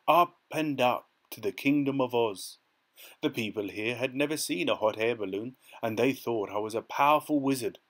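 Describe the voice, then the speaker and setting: An old wizard from a storybook, grand and then apologetic, as a male narrator puts him on. The voice sits in a middle pitch. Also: natural voice.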